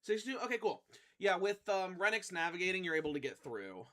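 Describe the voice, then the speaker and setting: A man's voice: high-pitched, very animated, brisk, pushed and bright. A man casually narrating as game master, full of likes and teasing asides. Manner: casual, filler-heavy, teasing.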